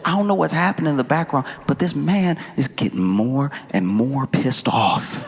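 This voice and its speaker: A man doing stand-up comedy as host, animated and incredulous, swinging between shouts and mutters. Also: fairly high pitch, normal speed, hardly any pauses, slight background noise. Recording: roomy hall with audible ambience.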